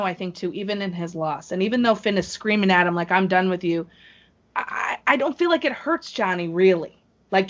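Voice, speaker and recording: A woman's voice: medium pitch, a bit bright. A woman hosting a podcast, chatting casually and gushing with enthusiasm. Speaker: podcast host. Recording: muffled lo-fi podcast audio.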